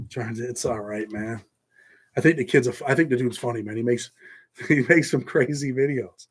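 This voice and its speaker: A man's voice: medium pitch, moderate pace, husky. A middle-aged man from New York with a Southern-tinged American accent, hosting a casual livestream and chatting loosely with viewers, thanking them by name. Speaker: host.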